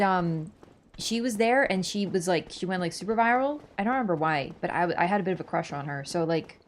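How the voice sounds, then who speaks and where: A woman's voice: medium pitch, slight background noise. A young woman from Canada chatting casually and sarcastically as she livestreams a game, rambling with many asides. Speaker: streamer. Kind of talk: casual livestream chat over gameplay.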